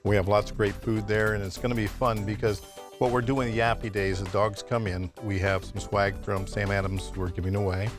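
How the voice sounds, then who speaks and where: Upbeat low-voiced man pitching his bar. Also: level tone, moderate pace, over music. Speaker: studio guest, bar franchisee. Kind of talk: live TV interview. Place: TV studio.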